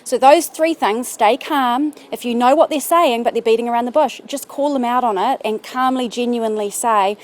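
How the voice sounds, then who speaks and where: A woman giving calm, earnest, encouraging self-help advice straight to camera. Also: a little high, normal speed, few pauses. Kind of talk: direct-to-camera advice talk.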